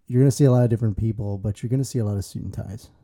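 A man co-hosting a casual podcast, thinking his points through slowly and restarting phrases. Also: fairly low pitch, fairly even intonation, mellow. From United States. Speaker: podcast co-host.

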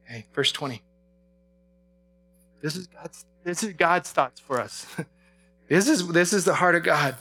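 A man's voice: on the high side, lively intonation, a little slow, pauses often, bright, forceful tone, soft background music. A man preaching a sermon in a conversational way, often asking his listeners questions. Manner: conversational, asks the audience questions.

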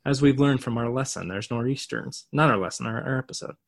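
Husky-voiced man bantering jokingly. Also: medium pitch. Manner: joking, teasing banter with quick asides. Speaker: podcast co-host. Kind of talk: casual podcast chat.

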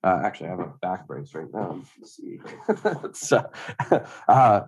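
A man's voice: sits low, sing-song, a little slow, slightly rough, dry recording. A man, a guest telling personal stories in a casual way, often acting out what others said. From Ontario, Canada. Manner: conversational, acts out others' lines, frequent "like". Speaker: interview guest.

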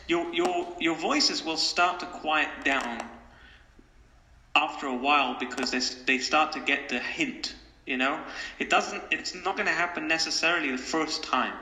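A man giving advice as an interview guest, animated and repetitive, often acting out quoted voices. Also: a little high, a little slow. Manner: animated, acts out quoted voices, repeats phrases. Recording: echoey room with long reverb.

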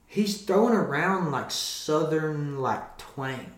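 A young man co-hosting a podcast, telling stories in a playful, animated way. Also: a little high, slow pace. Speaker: podcast co-host. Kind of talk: casual chat. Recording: roomy echo.

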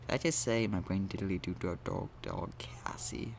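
Brief: solo podcast host, man, lower voice, rambling self-deprecating humor. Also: expressive, normal speed, creaky. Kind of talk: casual solo podcast monologue.

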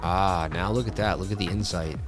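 A man with a lowish voice hosts a casual livestream, walking through market charts. He talks loosely and jokes, repeating words and riffing as he goes. Faint music plays underneath. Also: steady tone, fairly quick. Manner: loose, jokey, riffs and repeats himself. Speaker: crypto livestream host.

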